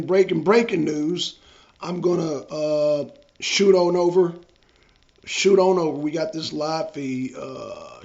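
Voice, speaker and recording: A man hosts a live stream with a slightly high, gravelly voice. He talks in a hurried, repetitive way. The sound is dull and lo-fi, as if from a mic set back from him. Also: darkish tone. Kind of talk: casual announcing.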